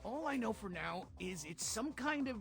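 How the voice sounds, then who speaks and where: A man's voice: high-pitched, very animated, normal speed, gravelly, soft background music, exaggerated voice. A man voicing a brainy teenage turtle scientist who speaks in precise, technical terms. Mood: explaining.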